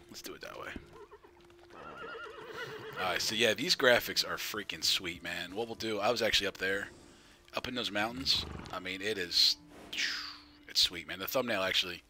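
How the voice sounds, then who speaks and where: A man's voice: low voice, moderate pace, bright, forceful tone, slight background noise. A man streaming a game live, chatting casually, greeting viewers by name and laughing often.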